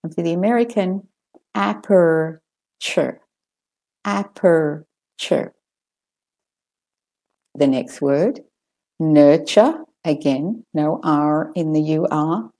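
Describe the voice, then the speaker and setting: A woman with an Australian accent teaching a pronunciation lesson, slowly modelling words again and again for learners to copy. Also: sits low, warm tone. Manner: slow, deliberate, models words repeatedly for copying.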